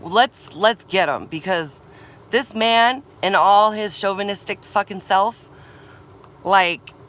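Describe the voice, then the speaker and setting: A woman's voice: medium pitch, takes it slowly, fairly bright tone. A young woman venting in a vlog, upset and tearful, swearing and repeating herself. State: tearful and agitated. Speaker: vlogger. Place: camper van or campsite.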